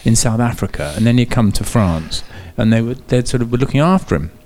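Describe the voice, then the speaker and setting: Man, racing guest, tells a comic story; animated pitch, chuckles through it. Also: a little fast. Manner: laughing often, lively storyteller. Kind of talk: comic anecdote telling.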